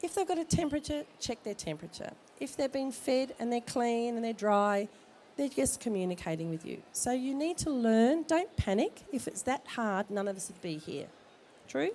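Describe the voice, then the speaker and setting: In an expo hall with slight background noise, a woman with a cold gives an informal talk to expectant parents. A midwife speaker at a baby expo, she offers jokey, direct advice in a slightly high, animated voice with a darkish tone at normal speed.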